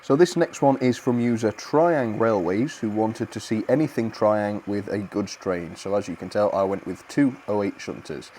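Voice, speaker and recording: Young man, live-stream host, friendly chatty delivery, slightly low pitch, light background hiss. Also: moderate pace, hardly any pauses, dark tone. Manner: chatty, cheerful, frequent fillers and small laughs. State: a bit out of breath. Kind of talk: live stream chat, thanking viewers.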